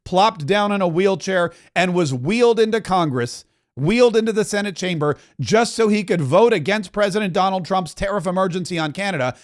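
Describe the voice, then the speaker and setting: A man from Florida hosts a political commentary podcast in a fairly high voice. He riffs loosely and mocks his subjects with sarcastic asides. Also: expressive, a little fast. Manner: mocking, riffing asides. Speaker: podcast host.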